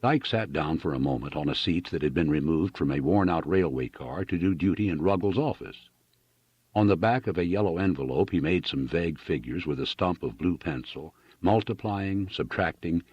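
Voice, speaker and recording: A man reading a novel aloud as an audiobook narrator, in an expressive, dramatic style. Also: sits low, husky, dry recording, lo-fi sound. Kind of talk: scripted narration.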